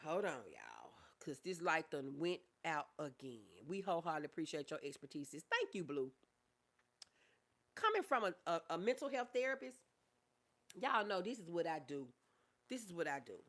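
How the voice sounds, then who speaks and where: Woman host, bright and animated, affectionate, reads chat aloud. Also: deep voice, moderate pace. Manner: affectionate, calls viewers baby, reads comments aloud. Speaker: livestream host, mental health therapist. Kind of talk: casual livestream chat reading comments.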